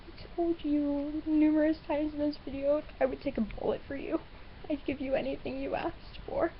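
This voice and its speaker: A teenage girl crying and sniffling through a halting webcam apology, repeating herself. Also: high-pitched, level tone, highs cut off, a little hiss or hum. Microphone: webcam built-in mic.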